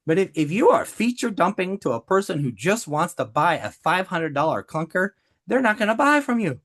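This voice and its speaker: A man hosting a live-stream business training who talks with high energy and often slips into acted-out quotes. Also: moderate pace. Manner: energetic and theatrical, acts out quotes.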